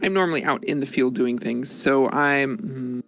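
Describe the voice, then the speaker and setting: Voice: mid-range voice, normal speed, creaky, fairly bright tone, faint music behind. A player in a tabletop game, talking in character in a playful way.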